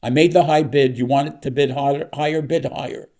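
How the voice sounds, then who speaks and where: Man reading as an arrogant middle-aged bidder, contemptuous, low, gravelly, dark. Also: steady tone, close to an everyday voice. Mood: growling. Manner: slow, contemptuous, emphatic.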